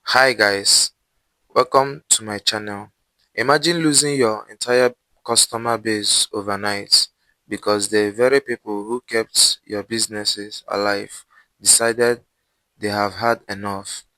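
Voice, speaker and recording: A man narrating a scripted channel intro as host, with measured, announcer-like delivery. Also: lowish voice, steady tone, sharp tone, no room sound, poor audio.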